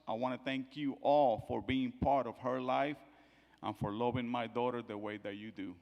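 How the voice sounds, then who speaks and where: A middle-aged man speaks at a funeral, telling stories about his daughter and putting on the voices in them. His voice sits at an ordinary middle pitch and rings out with a long reverb in a church sanctuary. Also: fairly even intonation, normal speed, gravelly. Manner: storytelling, acting out quotes, swings from soft to loud. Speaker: father giving a eulogy. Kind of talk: funeral eulogy with family stories.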